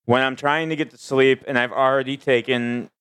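A man trading deadpan jokes on a comedy podcast, his voice smooth and clean at a middling pitch. He stammers and restarts his lines, and the sound is dry and close. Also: normal speed, no room sound. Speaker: comedian co-host. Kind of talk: casual comedy podcast banter.

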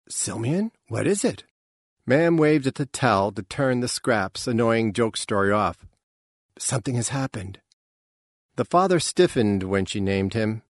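A male narrator with a mid-range voice reads a novel aloud in measured, even storytelling. The scripted narration is recorded cleanly in a studio with no room sound.

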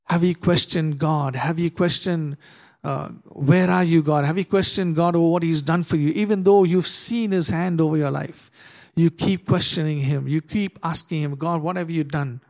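A man preaching a sermon, asking the congregation rhetorical questions and reading scripture slowly and dramatically. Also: a little high, darkish tone. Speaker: pastor.

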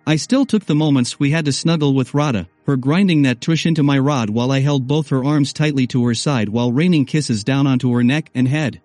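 A man's voice: mid-range voice, brisk, hardly any pauses, a little mellow, no room sound, soft background music. A man narrating a first-person audiobook story in a wry, conversational way.

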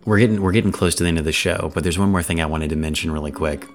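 A podcast co-host rambles through casual chat, leaning heavily on fillers and saying "like" over and over. His voice sits low and moves very fast, with soft music in the background.

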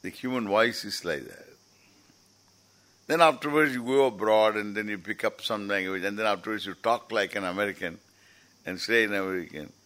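A man's voice: fairly low pitch, moderate pace, a bit bright. A man giving an informal, rambling lecture as a teacher at a scripture camp, often restarting his sentences. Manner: rambling, explanatory, with frequent restarts.

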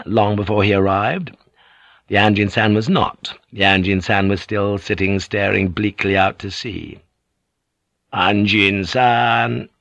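A male audiobook narrator with a very low voice, reading in a steady, measured way. The sound is close and dry. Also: no echo. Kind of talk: scripted narration.

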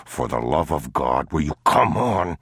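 A man's voice: lively intonation, measured pace, vocal fry, slightly rough, no echo, clean studio sound, exaggerated voice. Man voicing a grim, weary father. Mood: urgent. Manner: low, clipped and urgent. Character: grim, weary father guarding his son.

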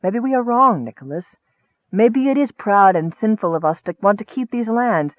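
An earnest, warm-hearted young noblewoman from a storybook, as a man reads her part. The voice sits well above his own and pleads with feeling. The sound is narrow and phone-like, dry and close. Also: expressive, moderate pace, dry recording. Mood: wistful. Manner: raised pitch, pleading.

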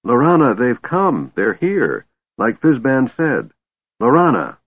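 A man voicing an excitable young male kender with a shrill, chattering voice, reading a storybook. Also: slightly rough, no room sound. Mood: excited. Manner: babbling, quick to excitement. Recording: tinny phone-like sound, dry.

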